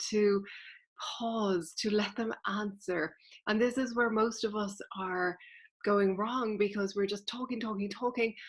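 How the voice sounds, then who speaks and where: Lady teaching to camera, earnest and chatty, middle pitch, just explaining things. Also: fairly bright tone. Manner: earnest, explanatory, speaks straight to the viewer. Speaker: spiritual teacher. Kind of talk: casual teaching vlog.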